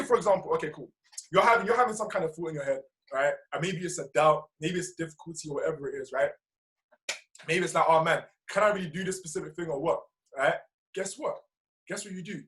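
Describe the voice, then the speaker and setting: A man leading a motivational team call over video, energetic and slangy, often asking "right?". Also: sits high, low-quality recording. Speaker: team trainer.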